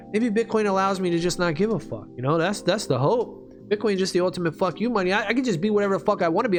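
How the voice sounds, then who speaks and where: Man, high voice, casual rant, lots of swearing, faint music behind. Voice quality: profane, animated ranting. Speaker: video creator. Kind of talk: casual rant while playing a game.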